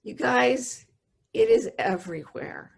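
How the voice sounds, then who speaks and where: A middle-aged woman with a mid-range, slightly rough voice and some vocal fry gives a wisdom teacher's talk over a video call. She tells stories in an earnest, intimate way, slowing down when the moments turn emotional.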